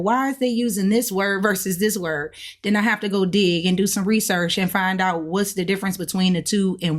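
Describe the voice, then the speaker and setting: A woman hosting a casual video lesson, explaining step by step and drawing out sounds to demonstrate them. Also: medium pitch. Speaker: host of a language-learning channel.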